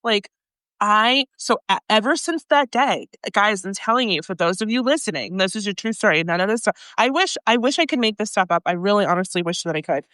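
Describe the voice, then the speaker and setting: A woman's voice: medium pitch, fairly quick, no room sound. A woman in her forties co-hosting a podcast, telling a story with lots of laughter and acting out each line of dialogue. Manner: animated storytelling, laughs often, acts out dialogue. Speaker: podcast co-host. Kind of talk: casual chat.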